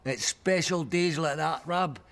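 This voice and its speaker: A Glaswegian tramp who talks in a dry, matter-of-fact way. His voice sits slightly high for a man. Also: unhurried, vocal fry, fairly bright tone. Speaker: derelict drinker. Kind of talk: sitcom acting.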